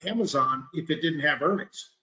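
A man co-hosts a casual trading podcast and chimes in with quick remarks. His voice is fairly high for a man. The audio sounds roomy, dull and lo-fi. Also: bright, forceful tone. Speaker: podcast co-host.

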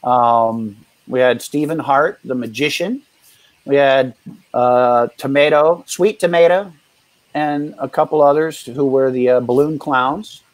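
A man's voice: mid-range voice, no echo, rough recording. Rambling man telling juggling stories. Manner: rambling, halting anecdotes with quoted dialogue. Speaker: guest, street performer and juggler. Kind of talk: casual interview storytelling.

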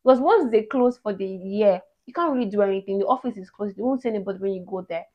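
Young woman, vlog storyteller, animated, medium pitch, muffled lo-fi sound. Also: quick pace. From Nigeria. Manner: animated, emotional retelling with many restarts. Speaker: vlogger. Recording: dull lo-fi audio.

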